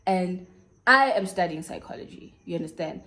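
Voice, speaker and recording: A woman's voice: lowish voice, animated, normal speed, sharp tone. A young South African woman with a South African accent, frankly telling a personal story to her viewers in casual, slangy chat. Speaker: YouTuber.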